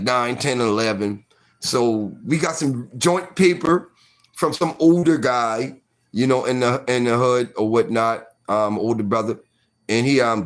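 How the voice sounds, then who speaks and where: Animated man telling a story. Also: mid-range voice. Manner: animated, full of fillers like "you know what I mean". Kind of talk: casual storytelling.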